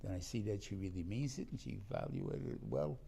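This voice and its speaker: A man's voice: on the low side, wildly swooping pitch, brisk, vocal fry, dark tone, slight background noise. A man teaching a Torah class in a rambling, conversational way, often restarting his sentences and mixing in Hebrew terms.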